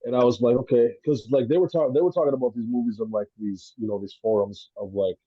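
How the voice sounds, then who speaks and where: A man's voice: mid-range voice, fast talker, dry recording, lo-fi sound. A man telling a story in a rambling, laughing way on a casual podcast, swearing freely. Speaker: podcast guest, rapper. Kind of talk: casual chat.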